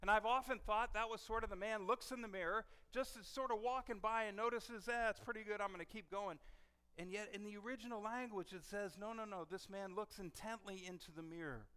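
A middle-aged male pastor preaching a sermon in a conversational, animated way, often restarting his sentences. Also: sits high, a little fast, few pauses, clear, resonant tone. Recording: long reverb of a church hall.

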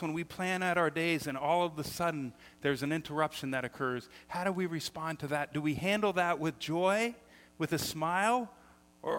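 A middle-aged man preaching a sermon as pastor, telling stories with lively energy and often repeating words as he starts sentences. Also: fairly high pitch. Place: church sanctuary. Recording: long hall reverb.

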